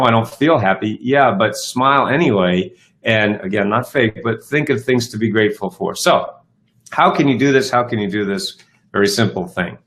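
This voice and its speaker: A man's voice: lowish voice, fairly bright tone. A middle-aged man hosting a self-help live show, talking casually and upbeat with many fillers and restarts. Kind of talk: casual live-stream talk.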